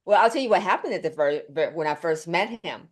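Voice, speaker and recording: A woman telling a story as an interview guest, lively and chatty, jumping up in pitch when she acts out what people said. Her delivery is casual and full of fillers and restarts. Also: fairly quick. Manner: animated storyteller, laughing, acting out quotes with pitch leaps.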